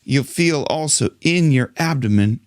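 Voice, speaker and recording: A man's voice: medium pitch, expressive, a little slow, no echo. A middle-aged vocal coach, his speaking voice swooping up and down with real animation. He talks in a loose, chatty way, stumbling over restarts and stopping to demonstrate with gasps and sung notes. The sound is close and dry, with no room around it. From Ohio, United States.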